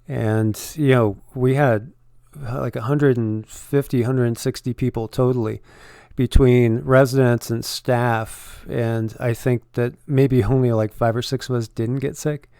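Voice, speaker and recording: A man's voice: medium pitch, steady tone, a little slow, dark tone, clean tone, no echo, clean studio sound. A man co-hosting an online channel, giving casual, rambling commentary on news figures and filling his talk with "you know" and restarts.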